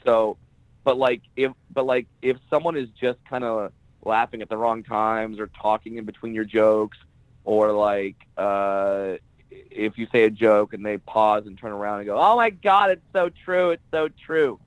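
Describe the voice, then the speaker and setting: A man's voice: on the low side, level tone, a little slow, clear, resonant tone, dry recording, phone-quality sound. Man, comedian guest, casual storytelling, salty language, dry close sound. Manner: profane, blunt and joking, acts out quoted people. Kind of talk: casual podcast interview, storytelling.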